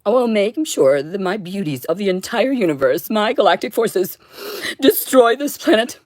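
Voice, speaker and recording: A woman's voice: medium pitch, expressive, moderate pace, a little mellow, no echo. A woman streaming alone, talking in an intense, profane ramble of short broken phrases. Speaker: livestreamer. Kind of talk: rambling solo livestream monologue.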